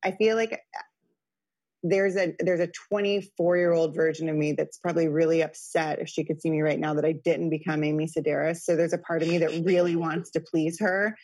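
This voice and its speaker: A woman's voice: sits low, fairly even intonation, fairly quick, darkish tone. A woman in her thirties in a casual chat, talking freely and filling her sentences with "like". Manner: chatty, lots of "like" fillers.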